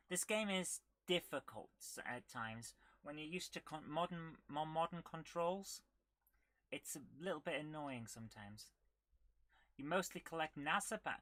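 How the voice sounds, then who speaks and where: Bright-voiced woman streaming games. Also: sits low, no room sound. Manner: chatty, reads viewer comments aloud, bursts of excitement while playing. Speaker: retro gaming streamer host. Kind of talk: casual live-stream chat while gaming.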